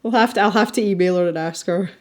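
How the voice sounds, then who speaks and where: A Scottish woman chats casually as she colours for her channel, wandering from topic to topic. She laughs easily and talks in a relaxed, rambling way, her voice sitting at an ordinary middle pitch. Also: quick pace. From Scotland. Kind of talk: casual chat while colouring.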